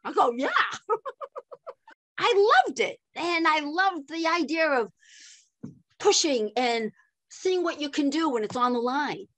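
An older woman, a podcast guest, telling a story in an animated way with frequent laughs and acted-out dialogue. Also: sits high, slow, long pauses, dry recording. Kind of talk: storytelling interview.

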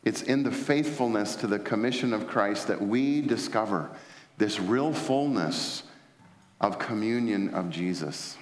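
A man's voice: lowish voice, animated, measured pace. A man preaching a sermon as pastor, telling stories with frequent fillers and restarts. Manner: storytelling, many fillers and restarts. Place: large church sanctuary. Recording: echoey church hall.

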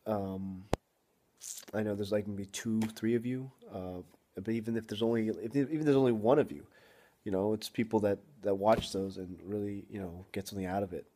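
A young man talking straight to camera in a casual vlog, frustrated and apologetic, halting with many ums and restarts. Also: lowish voice, steady tone, dark tone. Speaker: vlogger.

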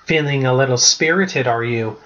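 A man's voice: mid-range voice, normal speed, a bit bright, close to an everyday voice. A haughty, proud queen read by a man speaks in a mocking, lofty way. The recording is a little dull and lo-fi.

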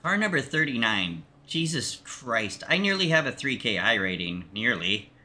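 A man streaming a racing game, chatting casually with halting, rambling restarts and a joking manner. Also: mid-range voice, sing-song, sharp tone. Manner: jokey, talks to himself and chat. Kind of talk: casual gameplay commentary.

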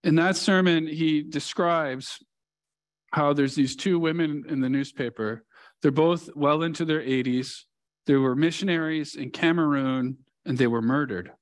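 A man's voice: a little high, measured pace. A male pastor preaching a sermon in a church, telling a story earnestly and leaning hard on key words. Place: church sanctuary.

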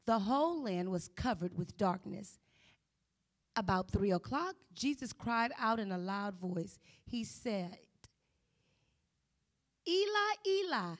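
Woman reading scripture steadily. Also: medium pitch. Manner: steady, careful reading with small slips. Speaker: scripture reader.

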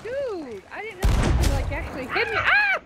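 A woman's voice: extremely high pitch, big pitch swings, fairly quick, very noisy. A woman streaming a game with her husband, chatting casually with playful, bossy trash talk. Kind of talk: casual gameplay chat. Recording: game music playing behind.

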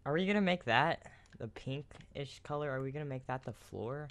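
A man hosting a let's play, chatting casually while building in a game, quick to direct and redirect his partner. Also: mid-range voice, lively intonation. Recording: keyboard clicks loud behind voice. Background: keyboard clicking.

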